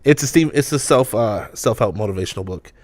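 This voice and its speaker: A man's voice: fairly low pitch, lively intonation, a little fast, darkish tone, a little hiss or hum. Swearing laid-back young podcast guy. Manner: laid-back, swears freely, laughs often. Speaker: podcast co-host. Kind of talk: casual chat.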